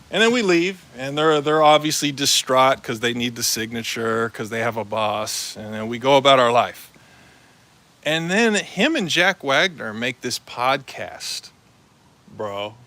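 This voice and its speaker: In a casual live-stream monologue, a man rambles in a forceful, bright voice of middling male pitch. He speaks loosely, peppering his talk with slang, fillers and restarts.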